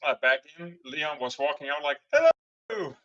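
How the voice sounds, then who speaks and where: A man with a bright, forceful voice chats casually as a tabletop player and often trips over his words. His audio sounds dull and muffled, like lo-fi voice chat. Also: a little high, fairly even intonation, moderate pace, clear, resonant tone. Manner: rambling, restarts and fillers.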